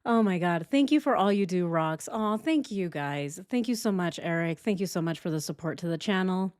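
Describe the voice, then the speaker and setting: A lowish, clear, resonant voice belongs to a woman hosting a true crime channel. Talking through a case in casual livestream commentary, she stays animated and chatty, with quick laughs and casual swearing.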